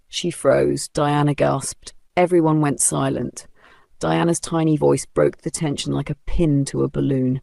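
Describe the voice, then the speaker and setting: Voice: medium pitch, steady tone, measured pace, gravelly, warm tone, no echo, studio quality. A narrator telling a dramatic folktale in a vivid storybook style.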